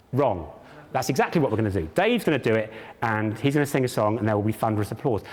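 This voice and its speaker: On stage at a large public event, a man hosts a live science show, turning the demonstration into comedy with jokey, theatrical patter and mock pomposity. His voice is medium in pitch with a somewhat dark tone.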